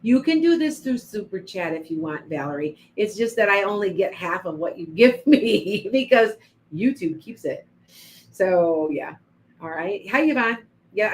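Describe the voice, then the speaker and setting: A woman's voice: medium pitch, poor audio. A woman doing psychic readings on a livestream, chatting to viewers by name with frequent restarts. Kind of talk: live-stream reading and chat.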